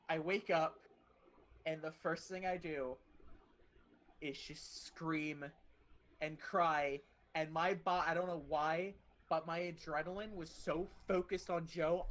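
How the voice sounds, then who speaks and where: Bright-voiced podcast host telling a story. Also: medium pitch. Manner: animated, swears freely, many fillers. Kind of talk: casual storytelling.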